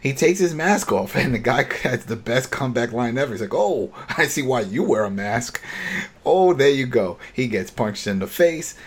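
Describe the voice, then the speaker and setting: A man hosting a podcast, casually recapping a TV episode in a rambling, opinionated way with many restarts. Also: medium pitch. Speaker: podcast host.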